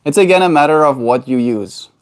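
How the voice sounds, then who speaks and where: A man's voice: fairly high pitch, expressive, fairly quick. A man live-streaming in casual chat, cooing in a baby voice to his pet bird and answering viewer comments.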